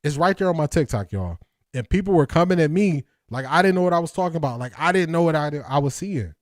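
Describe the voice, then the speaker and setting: A man's voice: fairly high pitch, animated, fast, no echo, studio quality. A man hosting a football breakdown livestream, talking energetically and emphatically, repeating lines and laughing often. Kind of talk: casual livestream commentary.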